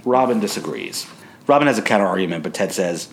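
A man's voice: low voice, animated, fast. A man co-hosting a casual recap chat, talking in a wry, dry way with chuckles. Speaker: podcast co-host.

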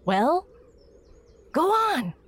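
A woman's voice: mid-range voice, animated, unhurried. An actress playing a proud, spirited young woman of the 1890s who speaks with formal, old-fashioned prim diction, in old-time radio drama style. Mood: prim, indignant. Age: young adult. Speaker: heroine.

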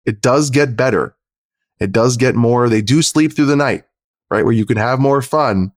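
A man's voice: mid-range voice, moderate pace, no room sound, studio quality. A man on a podcast giving earnest, practical relationship advice as a therapist guest.

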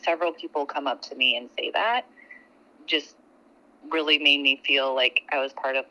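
A woman in her thirties on a phone call, telling a personal story in an animated way and laughing now and then. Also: low voice, moderate pace. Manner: animated and laughing as she tells it. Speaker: customer guest.

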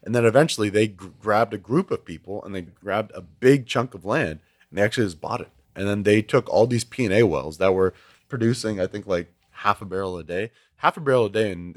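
Twenty-something guy rambling through old family stories on a podcast, kinda low voice, dry close mic. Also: no room sound. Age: 20s. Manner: rambling storyteller with frequent restarts. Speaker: podcast guest. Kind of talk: casual chat.

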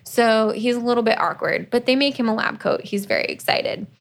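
A woman's voice: a little high, fairly quick, creaky. A woman co-hosting a podcast, casually retelling a book's plot with quoted asides. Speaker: podcast co-host. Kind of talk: casual book review chat.

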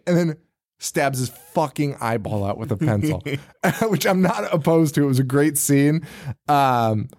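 A man's voice: fairly high pitch, big pitch swings, moderate pace, darkish tone. A man hosting a podcast, recapping a movie in casual chat, swearing often, laughing and acting out the characters' lines. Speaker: podcast host.

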